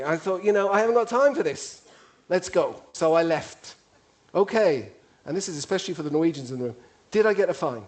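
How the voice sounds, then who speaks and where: An Italian-accented man gives a lively, humorous talk with a slightly raised voice. He moves from plain storytelling into short acted snippets of the people he quotes. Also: high-pitched. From Italy. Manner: animated, acts out dialogue in quoted voices. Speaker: speaker giving a talk.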